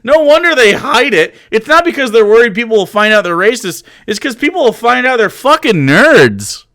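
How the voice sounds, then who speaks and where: A man's voice: very high voice, sing-song, normal speed, bright, forceful tone, no echo. A young man giving sarcastic, profane live-stream commentary, mocking what he reads on a close desk mic.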